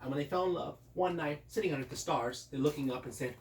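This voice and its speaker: A man's voice: on the high side, fast. A man, a father, improvising a playful, meandering bedtime story for his kids at home. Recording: roomy, distant, noisy home recording.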